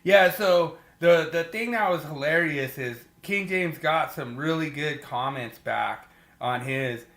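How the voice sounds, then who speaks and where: A man's voice: a little high, slow, a bit bright, reverberant. A man hosting a podcast, chatting casually and animatedly, laughing as he tells stories from field work. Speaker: podcast host.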